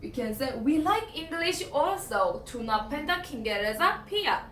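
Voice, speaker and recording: A woman leads a language lesson, drawing out each word slowly so students can follow. Her voice rises and falls in a lively way and sits fairly high. She sounds a little distant in an echoey room, with faint noise behind. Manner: patient, repeats words slowly for students. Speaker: Swahili teacher.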